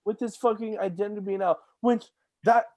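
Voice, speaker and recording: A man on a podcast, ranting heatedly and swearing, with shouted outbursts. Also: high-pitched, fairly even intonation, a little fast, no room sound. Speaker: podcast guest. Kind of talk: casual ranting chat.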